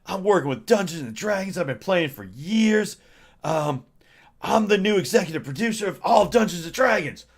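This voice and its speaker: A man doing a giddy new game executive, higher voice. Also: expressive, normal speed.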